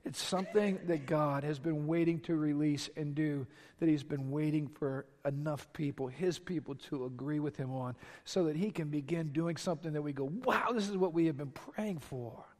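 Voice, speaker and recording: Male pastor, high voice, emphatic repeating sermon style, long hall reverb. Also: normal speed, hardly any pauses, a little mellow. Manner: impassioned preaching with emphatic repetition. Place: large church sanctuary.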